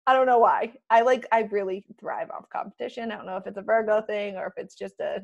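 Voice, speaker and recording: A young woman leading a casual motivational team call over a computer mic, chatty and excitable with quick asides. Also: mid-range voice, vocal fry, highs cut off.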